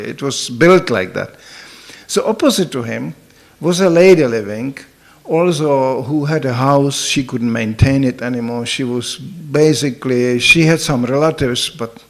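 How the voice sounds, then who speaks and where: An older man giving a spiritual talk, telling humorous anecdotes in a chatty way and often saying "you know". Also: medium pitch. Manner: humorous, laughs at his own stories. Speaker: spiritual teacher. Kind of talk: sermon storytelling.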